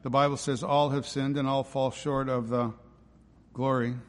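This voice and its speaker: A man's voice: medium pitch, level tone, moderate pace, in a large hall. A man preaching a sermon as pastor, emphatic and driving, often posing rhetorical questions.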